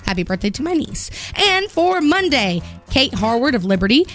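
A woman radio morning show host telling a story and reading announcements in an expressive, laughing way, her voice rising when she gets excited. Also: high voice, normal speed, faint music behind. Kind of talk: chatty on-air storytelling and announcements.

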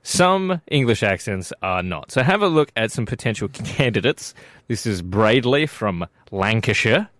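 A man with an Australian accent, hosting breakfast radio in jokey, animated banter. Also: lowish voice, unhurried, dry recording. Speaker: radio host. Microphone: studio mic.

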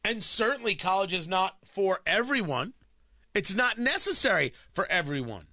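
A man's voice: sits high, bright, forceful tone, no room sound, clean studio sound. A middle-aged man hosting a morning talk radio show, delivering an opinionated monologue with emphatic repetition and sarcastic asides. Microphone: studio microphone.

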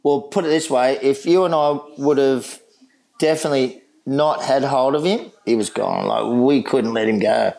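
A man's voice: medium pitch, moderate pace, vocal fry, darkish tone, rough recording. A middle-aged Australian man and lifeguard telling a rescue story in casual chat, laughing often and swearing freely. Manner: laughing, swearing, mate-heavy yarn-telling. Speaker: guest lifeguard.

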